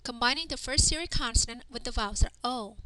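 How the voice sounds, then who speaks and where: A woman teaching reading in a voice-over, with a slightly high voice. She breaks each word into its sounds and reads them out one at a time, patient and unhurried. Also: background noise. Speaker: language teacher. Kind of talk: slow spelled-out reading lesson.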